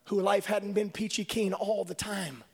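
High-voiced preacher in a reverberant hall. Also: male voice, steady tone, moderate pace, creaky, slightly rough. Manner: dramatic swings from hushed whispers to shouting. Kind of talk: sermon. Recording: long reverb of a large hall.

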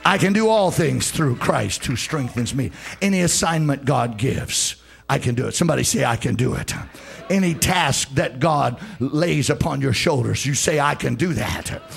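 A man preaching a church sermon, shouting and dropping low in turns, calling on the congregation to answer back. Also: vocal fry. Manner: call-and-response, shouting and swooping between loud and low. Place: church service before a congregation.

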